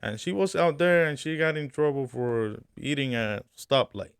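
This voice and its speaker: A man's voice: mid-range voice, animated, moderate pace, clean tone, dry recording, studio quality. A man co-hosting a casual podcast, talking in a laid-back, rambling way and dropping in Spanish words. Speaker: podcast co-host.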